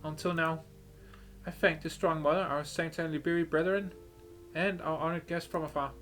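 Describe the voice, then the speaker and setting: A man reading aloud as a veiled, blind matriarch priestess in a game, in a slow, measured, reverent way. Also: a little high, fairly even intonation, a bit bright, soft background music, pitched above the performer's own voice, natural voice. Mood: solemn.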